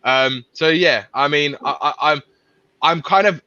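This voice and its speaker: A man's voice: a little high, measured pace, bright, forceful tone, no echo. A man talking as a guest on a casual fan stream, rambling and often repeating words. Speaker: guest panelist. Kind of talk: casual live-stream chat. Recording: dry dull lo-fi stream audio.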